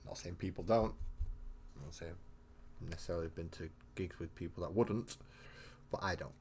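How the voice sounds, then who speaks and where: A man's voice: low-pitched, moderate pace, darkish tone, slight background noise. A man chatting casually and rambling with mild swearing as he live-streams painting miniatures.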